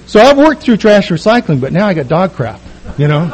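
A middle-aged man with a high voice spins a self-mocking story for a recovery meeting, quick and lively. A faint hum sits under him. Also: low-quality recording.

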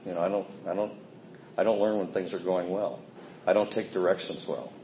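The recording is dull and echoey with faint background noise. A low-pitched man speaking briskly in a steady tone shares his recovery story candidly and plainly, mocking his own past conduct.

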